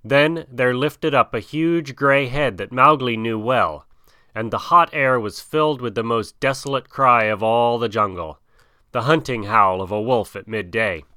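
A man narrating a classic adventure story as an audiobook, steady and vivid. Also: medium pitch, unhurried, clear, resonant tone, dry recording, clean studio sound. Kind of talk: audiobook reading of a classic tale.

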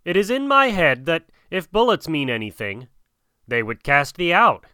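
A man voicing a calm, wise old wolf who speaks in a composed, measured way. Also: a little high, clean tone, no room sound, studio quality, voice pushed up, full character voice.

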